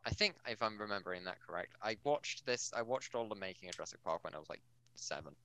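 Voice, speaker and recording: A man's voice: lowish voice, expressive, fast talker, a bit bright, no room sound, poor audio. A young man chatting casually on a podcast, rambling and eager. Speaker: podcast co-host.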